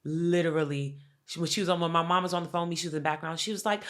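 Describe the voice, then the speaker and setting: A woman co-hosting a podcast in casual chat, telling a family story with lively acted-out quotes and plenty of swearing. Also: fairly low pitch, quick pace. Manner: animated storytelling, acts out quoted family members, frequent swearing. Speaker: podcast co-host.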